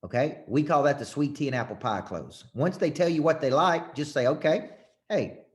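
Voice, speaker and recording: A man's voice: fairly high pitch, fairly quick. A man coaching a live audience on sales closes, folksy and emphatic, acting out scripted lines with shifting tone.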